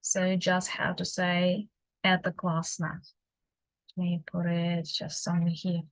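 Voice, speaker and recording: A woman teaching beginners, explaining slowly and patiently with many fillers and repeated examples. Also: fairly low pitch, monotone, rough recording. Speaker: Russian language teacher. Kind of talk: beginner language lesson.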